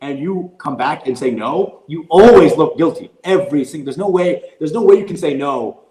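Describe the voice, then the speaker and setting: A man's voice: on the high side, moderate pace, echoey room, rough recording. A man, a comedian, casually telling a rambling, profane story in a podcast conversation. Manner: rambling, profane, animated retelling. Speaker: guest comedian.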